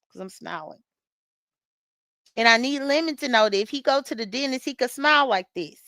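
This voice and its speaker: Her voice sits on the high side, animated and forceful with a bright edge, and she talks a little fast with frequent pauses. She's a vlogger getting ready in the morning, chatting casually with viewers about livestream drama, laughing a lot and calling out commenters by name. The recording is dry.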